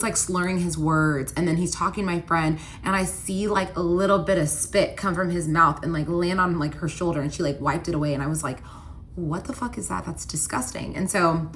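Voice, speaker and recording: Lower-voiced woman telling a storytime. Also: a little hiss or hum. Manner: animated retelling, quoting both sides in voices. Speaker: storyteller vlogger. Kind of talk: casual storytime monologue.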